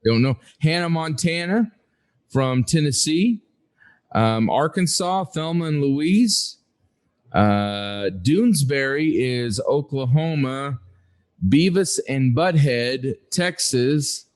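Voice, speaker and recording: Slow-talking man co-hosting a podcast. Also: mid-range voice, expressive. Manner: unhurried, hesitant, many fillers. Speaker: podcast co-host. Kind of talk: casual chat.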